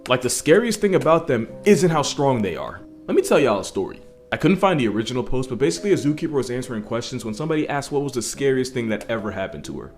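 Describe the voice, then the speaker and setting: A man telling viewers a story, animated, with jokey asides. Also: mid-range voice, fast, few pauses, soft background music.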